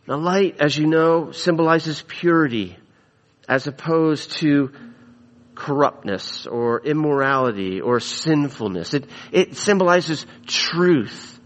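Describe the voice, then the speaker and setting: A man preaching a sermon as pastor, emphatic, slowing and dropping low on the scripture lines. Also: lively intonation. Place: church sanctuary. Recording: long reverb of a church hall.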